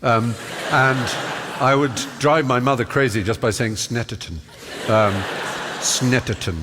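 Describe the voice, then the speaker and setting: A man's voice: medium pitch, fairly even intonation, measured pace. A middle-aged man from Norfolk, a guest telling stories in a live stage interview with ornate, playful wording and many fillers. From Norfolk, England. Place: large theatre stage. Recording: live theatre hall reverb, faint hiss.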